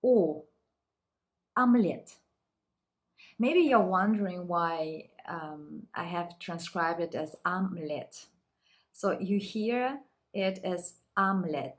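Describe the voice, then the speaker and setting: Slow, deliberate woman teaching a language. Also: on the low side. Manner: repeats each word slowly, with short explanations in between. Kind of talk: slow, deliberate lesson reading words aloud.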